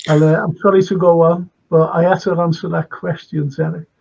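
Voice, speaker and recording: A man's voice: a little high, little pitch movement, brisk, vocal fry, a little mellow, muffled recording. An older man with a Liverpool accent, a retired lecturer chatting as a guest in a rambling, emphatic way that keeps repeating phrases. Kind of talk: casual conversation.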